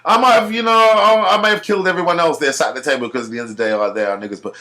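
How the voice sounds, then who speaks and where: A man's voice: fairly high pitch, rapid-fire. A man delivering a rambling, profane ranting monologue and telling stories. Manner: rambling, profane, animated storytelling. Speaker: vlogger.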